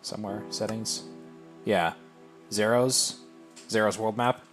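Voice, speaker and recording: Streamer, male, lower register, chatty and self-deprecating, talks to chat as he plays. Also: fairly even intonation, slow, over music. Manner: thinks aloud and answers viewer chat. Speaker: game streamer. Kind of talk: casual live-stream chat while playing.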